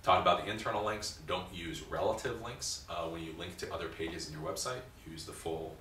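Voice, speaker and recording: A low-voiced man gives a tech class with a forceful, bright edge and blunt, emphatic delivery. He often stumbles and repeats words. The sound is roomy and a little distant from the mic, with faint hiss behind it. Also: fairly even intonation, fairly quick. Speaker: computer instructor. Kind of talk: recorded tech class lecture.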